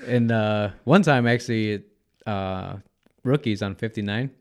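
Dude telling fight stories, swears a lot, acts out the quotes. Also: male voice, lowish voice, unhurried. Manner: animated storyteller, swears freely, acts out quotes. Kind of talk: casual chat, storytelling.

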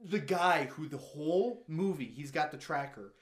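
Young man, casual chat, acts out scenes, slightly high voice, echoey room. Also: normal speed. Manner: animated, acts out scenes in exaggerated quoted voices. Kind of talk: casual chat about a movie.

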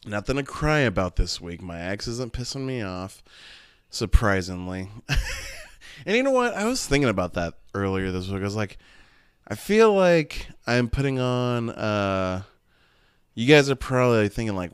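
A man's voice: lowish voice, very animated, moderate pace, clean tone, no echo, clean studio sound. A man in his thirties hosting a casual solo podcast, rambling and candid with plenty of swearing. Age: 30s. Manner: rambling, profane and candid, with many restarts and laughs. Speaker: podcast host.

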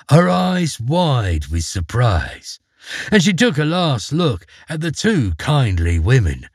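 A male storyteller reading a folk tale with playful, expressive delivery. His pitch ranges very widely and his tone is husky. The recording is close and dry. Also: dry recording. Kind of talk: storybook narration.

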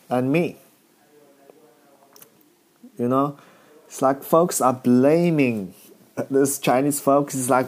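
A comedian man riffing in a slow, meandering monologue, with many restarts and chuckles. His English has loose, non-native grammar, and he stays at a middling pitch. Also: a little mellow. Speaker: comedian riffing on internet content. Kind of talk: casual comic monologue.

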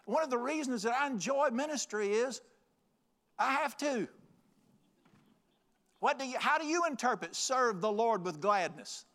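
A man's voice: very high voice, animated, brisk, few pauses, a bit bright. A man preaching a folksy, joking, emphatic sermon. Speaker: pastor.

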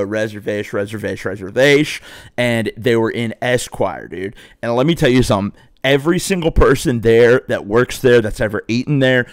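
A man's voice: medium pitch, dry recording, clean studio sound. A young man from Southwest Ohio, a podcast host telling a story in a casual, profane, swaggering way.

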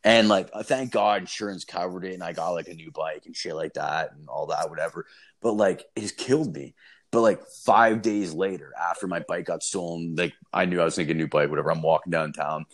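Young guy, low voice, rambling swear-heavy anecdote, casual chat. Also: a little fast. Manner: profane, rambling, animated storytelling. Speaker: storyteller.

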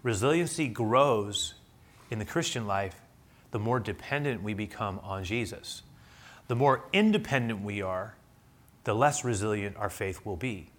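A man preaching a sermon, telling a story and getting animated as he quotes himself. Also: fairly low pitch. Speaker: pastor.

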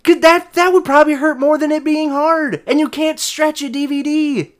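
A woman's voice: high voice, fairly even intonation, normal speed. A woman co-hosting a casual podcast, chiming in with blunt, crude reactions and jokes. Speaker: podcast co-host. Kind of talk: casual chat.

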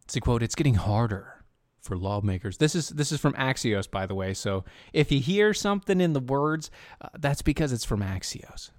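A man's voice: medium pitch, expressive, normal speed, no echo, studio quality. A man hosting a casual political commentary podcast, sarcastic and rambling with many restarts. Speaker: podcast host.

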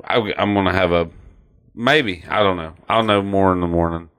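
A man in casual podcast chat, swearing freely and animatedly retelling cartoon scenes, slipping into quick put-on voices. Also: low-pitched, a bit bright, smooth. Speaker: podcast co-host.

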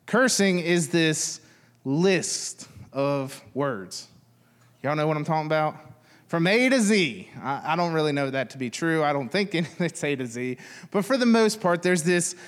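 Conversational preacher in a reverberant hall. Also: male voice, a little high, animated, unhurried. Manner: conversational, joking with the congregation. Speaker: pastor. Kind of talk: sermon.

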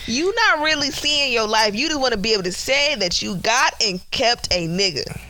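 A woman co-host rants in a casual recap chat, her voice bright and cutting. She talks in fast, profane bursts and stays heated and emphatic. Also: on the high side, lively intonation, poor audio. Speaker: podcast co-host.

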